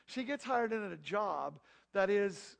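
A middle-aged man preaching, telling a story in a lively, conversational way with asides to his congregation. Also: high-pitched, measured pace, gravelly. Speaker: pastor. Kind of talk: storytelling sermon.

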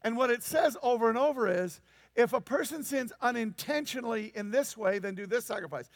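Man, sermon, emphatic and incredulous, high pitch, dry close sound. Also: a little fast, vocal fry, dry recording. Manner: animated, incredulous, emphatic preaching. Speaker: pastor.

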